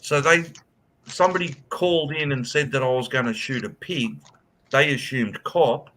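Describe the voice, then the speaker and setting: A man's voice: mid-range voice, moderate pace, slight background noise. A young man casually telling a story in online voice chat, swearing and acting out what people said. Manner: animated, swearing, acts out quotes. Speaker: host.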